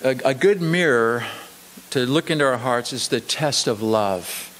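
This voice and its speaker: A man pastor preaching a sermon emphatically, swinging between raised, quick delivery and slow, low emphasis. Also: lively intonation, fairly bright tone, in a large hall. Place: church sanctuary.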